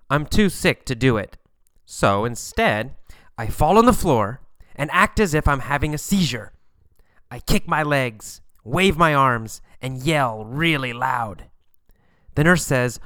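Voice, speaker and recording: Slow, clear male storyteller. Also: mid-range voice, animated, fairly bright tone, dry recording. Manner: slow, deliberate, clearly enunciated. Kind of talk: scripted narration for learners.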